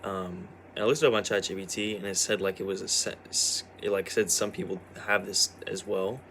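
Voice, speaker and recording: A man's voice: low-pitched, steady tone, fairly quick, a bit bright, a little hiss or hum. Tired young man rambling hesitantly. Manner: hesitant, full of restarts and "like". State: tired after staying up all night. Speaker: vlogger. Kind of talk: rambling personal vlog.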